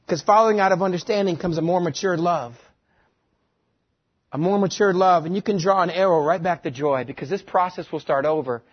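This West Texas pastor has a high, slightly rough voice and speaks a little fast. His sermon includes a self-mocking tale of his own marriage, heard through a dull lo-fi recording.

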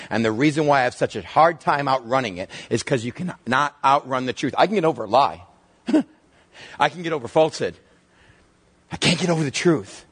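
Husky man preaching an animated sermon. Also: medium pitch. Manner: animated storytelling, acting out Bible dialogue. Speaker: pastor.

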